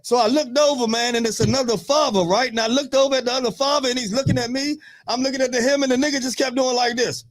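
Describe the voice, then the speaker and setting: A man in his thirties on a radio talk show, telling profane, animated stories in casual chat. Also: very high voice, fast, few pauses.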